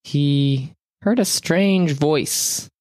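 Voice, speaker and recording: A man narrating as a game master, recapping a tabletop session in a relaxed way. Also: a little high, very slow, no room sound. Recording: dry close mic, faint music.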